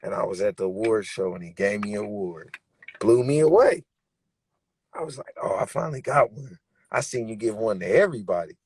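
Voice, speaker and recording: Young male rapper, husky voice, dry close sound, emphatic streetwise storyteller. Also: fairly low pitch, expressive, fairly quick, a little mellow, no echo. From Bay Area, California. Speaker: rapper and interview guest. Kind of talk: candid interview talk.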